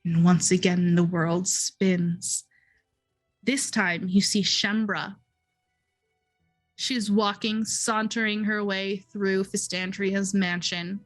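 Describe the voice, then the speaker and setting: A woman game master narrates a dream sequence at a very slow, deliberate pace, in second person. Her voice is mid-pitched, with faint music playing beneath it. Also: little pitch movement, low-quality recording.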